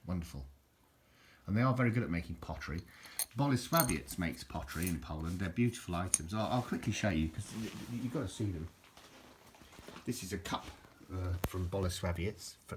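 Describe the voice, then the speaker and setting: A middle-aged man, chatting in a jokey, rambling way while he shows things around his home kitchen on a handheld camera. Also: sits low. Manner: chatty, jokey, self-interrupting. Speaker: vlogger. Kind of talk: casual rambling home vlog. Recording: home video with background noise.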